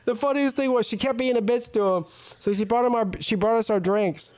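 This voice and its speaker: A man hosting a call-in show, telling a crude story in a loud, laughing, animated way. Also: very high voice, fairly quick. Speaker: show host.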